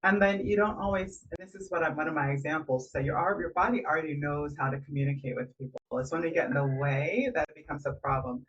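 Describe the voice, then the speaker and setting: A woman's voice: deep voice, fast talker, few pauses, slight background noise. A woman voice coach chatting on a podcast, slipping into little vocal demonstrations to make her points. Her voice sits a little back from the mic. The sound is muffled and dull. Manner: demonstrative, shifts voice to illustrate points. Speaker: voice coach co-host. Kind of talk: casual podcast chat. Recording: muffled audio, a bit far from the mic.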